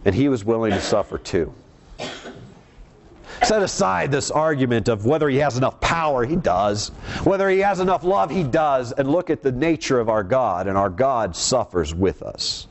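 A man preaching a sermon, reading scripture verses aloud and explaining them earnestly, slowing down on key words. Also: sing-song. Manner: slows for emphasis, varied pitch.

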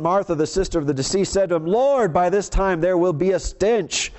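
A man preaching a sermon, reading scripture verses aloud and explaining them earnestly, slowing down on key words. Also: darkish tone. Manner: slows for emphasis, varied pitch.

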